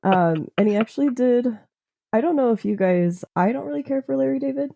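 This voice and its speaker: A woman's voice: a little high, animated, brisk, creaky, dark tone, no room sound. A woman co-hosting a casual podcast chat, rambling with many fillers and frequent giggles. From United States. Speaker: podcast host.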